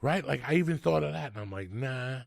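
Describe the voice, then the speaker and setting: A man's voice: on the high side, quick pace, vocal fry, no room sound, clean studio sound. A man, telling rambling, profane comic stories as a podcast host. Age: 60s. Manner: profane, rambling, animated storyteller. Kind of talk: storytelling comedy rant.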